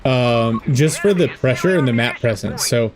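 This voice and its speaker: A man casting a strategy game replay in a relaxed way, thinking aloud with fillers and joking about himself. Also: medium pitch, moderate pace, a crowd in the background. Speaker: game caster. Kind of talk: casual esports commentary over a replay. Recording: game battle sounds with gunfire and artillery behind.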